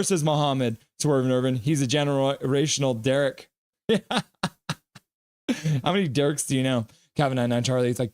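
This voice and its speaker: A young man on a live stream, calling hockey play and reading chat aloud with excitable, goofy delivery. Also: medium pitch, moderate pace, clear, resonant tone.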